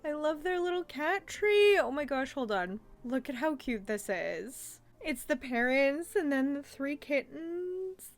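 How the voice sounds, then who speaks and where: Young woman host, bright higher voice, rambling fan commentary with lots of "like". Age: young adult. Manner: chatty, gushing, many fillers. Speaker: host reviewing a childhood cartoon. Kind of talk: casual commentary.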